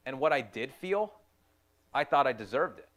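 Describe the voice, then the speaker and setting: A young man, a youth ministry volunteer, giving a personal testimony in an earnest, halting way, often repeating his phrases. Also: mid-range voice, expressive, a bit bright.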